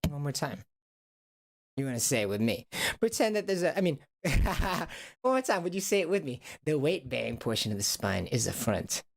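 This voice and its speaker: Gravelly-voiced man coaching body awareness. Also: a little high, sing-song, moderate pace. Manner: playful, repetitive call-and-response. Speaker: host of a body-awareness stream. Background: music.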